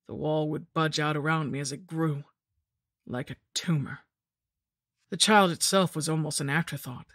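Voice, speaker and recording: A woman reading a first-person horror story in a steady, measured narration. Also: low voice, no room sound, studio quality.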